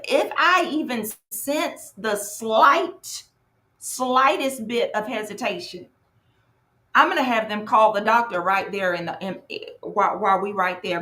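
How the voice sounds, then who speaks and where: A woman's voice: a little high, roomy sound. A woman from North Carolina, hosting a live online workshop and chatting with viewers by name. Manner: lively, chatty, greets viewers in the chat by name. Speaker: workshop host and coach.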